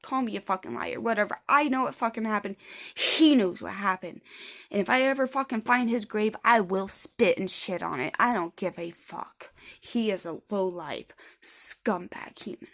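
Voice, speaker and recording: A woman's voice: medium pitch, moderate pace, a bit bright. A woman in her thirties telling her own story to camera in a blunt, rambling way with heavy swearing. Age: 30s. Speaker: vlogger.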